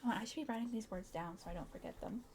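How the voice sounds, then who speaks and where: Woman streamer, casual chat, a touch high-pitched, bubbly and giggly, stumbles over words. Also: rapid-fire, a little mellow, a little hiss or hum.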